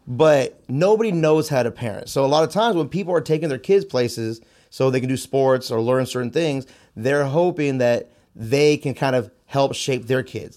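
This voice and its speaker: A man's voice: fairly high pitch, darkish tone. A young man, a martial arts instructor, talking candidly in a casual conversation and telling stories from his teaching and fatherhood. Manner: candid, storytelling, repeats phrases.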